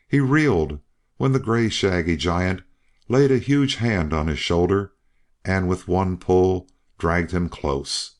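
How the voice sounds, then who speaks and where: A man's voice: low voice, a little mellow. A man narrating a western novel as an audiobook reader. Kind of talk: scripted narration.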